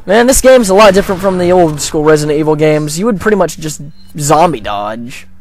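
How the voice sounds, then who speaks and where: A man joking and rambling through a video game playthrough, with a gravelly, slightly high voice. His pitch bounces around a lot as he reacts to the game. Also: expressive, a little fast, slight background noise. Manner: rambling, jokey, self-deprecating. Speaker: let's play gamer. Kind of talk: casual gameplay commentary.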